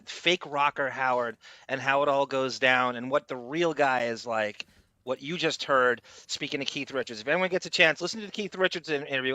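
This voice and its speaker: A man's voice: medium pitch, sharp tone, dry recording, muffled recording. A man co-hosting a talk show, joking around and rambling into his questions. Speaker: podcast co-host. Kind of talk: casual chat.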